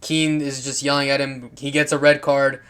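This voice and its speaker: A man's voice: medium pitch, level tone, normal speed, fairly bright tone, clean tone. A man casually commenting on football clips, rambling and swearing, with lots of fillers, restarts and laughs.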